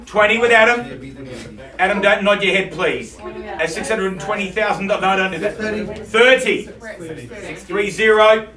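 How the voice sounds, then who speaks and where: A man calling bids in a live auction, with quick, playful patter for the bidders. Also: high voice, crowd noise. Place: auction room. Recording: echoey room from far off.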